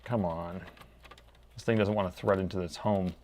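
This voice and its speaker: Low-voiced man chatting while repairing. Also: fairly even intonation, moderate pace, darkish tone, a little hiss or hum. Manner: chatty, talks to himself and viewers while fiddling with parts. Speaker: laptop repair technician streaming live. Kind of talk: casual live-stream chat while working.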